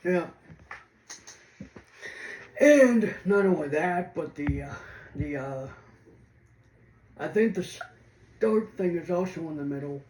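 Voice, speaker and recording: A man talks slowly through a software demo, pausing and restarting often. His voice sits high. The room is roomy, with a faint hiss behind him. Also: lively intonation. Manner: rambling, hesitant, full of restarts. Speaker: tech video host. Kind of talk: casual screen-reader walkthrough. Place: indoors at a computer.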